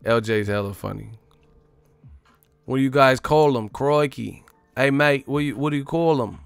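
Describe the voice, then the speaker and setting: A man's voice: medium pitch, moderate pace, vocal fry, clear, resonant tone, no room sound, soft background music. Profane joking man on a livestream. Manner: profane, joking, laughs often. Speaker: boxing livestream host. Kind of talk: casual livestream rant.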